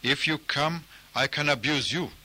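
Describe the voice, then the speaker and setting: A man voicing a grumpy, bullying male hippo in a storybook tale, speaking gruffly and dismissively. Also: a little high, normal speed, bright, forceful tone, pitched above the performer's own voice. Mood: surly.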